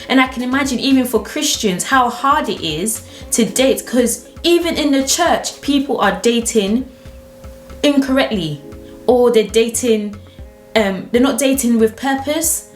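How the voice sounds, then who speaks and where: A young adult woman hosting her own channel, chatting casually to camera and telling stories expressively, laughing easily. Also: on the high side. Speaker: channel host. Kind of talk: casual vlog chat to camera. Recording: roomy echo with faint background music.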